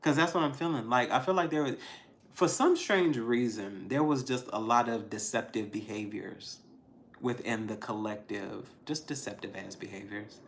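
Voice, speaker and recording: A man's voice: normal speed, a little hiss or hum. Emphatic man giving a tarot reading. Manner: emphatic, swings between loud outbursts and low asides; frank and profane, addressing viewers directly. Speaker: tarot reader. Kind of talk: casual spoken tarot reading.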